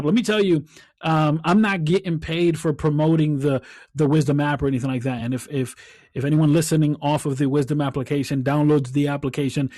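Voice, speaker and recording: A man's voice: a little high, a little mellow, no echo, clean studio sound. A man hosting his own coaching podcast, talking in an earnest, heartfelt way and often repeating words as he thinks. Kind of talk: reflective solo podcast talk.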